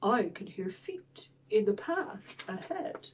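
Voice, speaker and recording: A woman voicing a big, hungry male storybook monster in a low, hushed, whispery voice. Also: sing-song, slow, distant mic. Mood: menacing hush.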